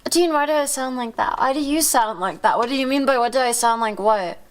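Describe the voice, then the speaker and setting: A woman's voice: high-pitched, expressive, fairly quick. A woman streamer with a cold, sounding stuffy and congested, chatting in a rambling, playful way and swearing freely. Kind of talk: casual chat.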